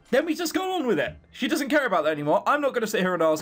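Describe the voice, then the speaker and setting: A man's voice: sits high, huge pitch swings, very fast, hardly any pauses, a bit bright. Sarcastic guy doing let's play banter, voice swings a lot, music underneath. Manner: sarcastic, swears freely, laughs at himself. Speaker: video game commentator.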